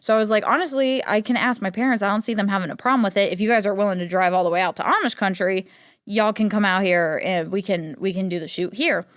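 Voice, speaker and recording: A woman's voice: mid-range voice, fast, dry recording, clean studio sound. A young woman from Ohio hosting a podcast, talking casually, chatty and self-deprecating with many fillers. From Ohio, United States. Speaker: podcast host. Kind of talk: casual solo chat.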